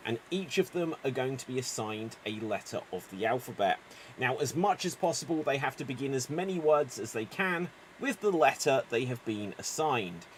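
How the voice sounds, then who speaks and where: A man's voice: medium pitch, fairly bright tone, a little hiss or hum. A man hosting a live improv show, calling out prompts and explaining the game rules. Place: live theater stage.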